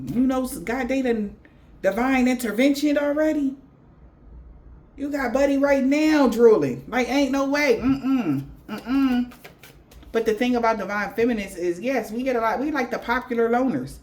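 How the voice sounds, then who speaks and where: A woman's voice: fairly high pitch, animated, moderate pace, darkish tone. A woman giving a spiritual reading in blunt, profane slang. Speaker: tarot reader.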